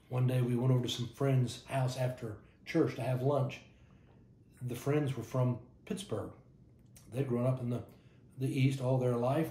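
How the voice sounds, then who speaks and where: Older texan preacher spinning a story, mellow tone, kinda roomy sound, stumbles on his first words. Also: medium pitch. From Texas. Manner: warm anecdotal, repeats words at starts. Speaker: pastor. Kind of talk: folksy devotional storytelling.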